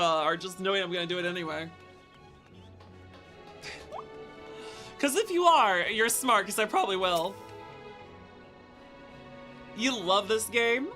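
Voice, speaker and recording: A woman's voice: mid-range voice, pushed and bright. A young adult woman streaming a game, chatting playfully to viewers; her voice sometimes cracks. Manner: bubbly, playful, chats to viewers. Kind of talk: casual live-stream chat. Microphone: headset with headphones.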